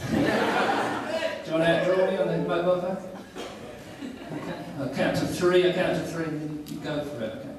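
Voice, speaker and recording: A man's voice: a little high, steady tone, moderate pace, pauses often. Man doing stand-up in an echoey hall. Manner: rambling anecdotal banter with the audience. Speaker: stand-up guest at a fan convention. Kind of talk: stand-up comedy storytelling. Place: large convention hall, from far off. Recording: echoey hall from far off, noisy.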